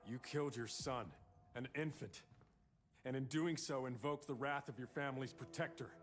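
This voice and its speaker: An actor playing a stern man in a video game, calmly accusing another man of a terrible deed. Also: mid-range voice, normal speed, slight background noise, lightly acted.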